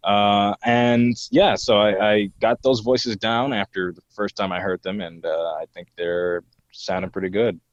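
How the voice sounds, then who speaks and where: A young man in his twenties talks in a low voice, hesitating often with "uh" and "um". The sound is slightly dull and very dry, like a home mic. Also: fairly even intonation, a little slow, no echo. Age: 20s. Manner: hesitant, many fillers, slips into character voices. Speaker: guest voice impressionist. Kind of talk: podcast interview.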